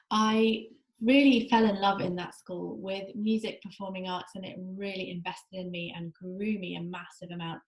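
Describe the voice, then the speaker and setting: A woman's voice: on the low side, echoey room, rough recording. A woman from England hosting a faith podcast, talking in a chatty, enthusiastic and reflective way. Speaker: podcast host. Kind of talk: personal faith podcast monologue. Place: at home in Israel.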